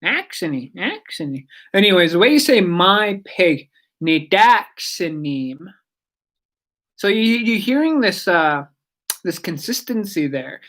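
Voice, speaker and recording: Woman radio language teacher, slightly low voice, unhurried, repeats each word carefully. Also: sing-song, fairly bright tone. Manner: chatty, digressive, repeats words slowly for learners. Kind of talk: casual spoken language lesson.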